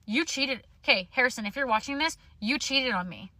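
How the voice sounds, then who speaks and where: Young woman going off in an angry storytime rant, bit high and sharp, swearing a lot, dry close sound. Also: animated, fairly quick, no room sound. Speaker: social media storyteller. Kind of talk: heated storytime rant to camera.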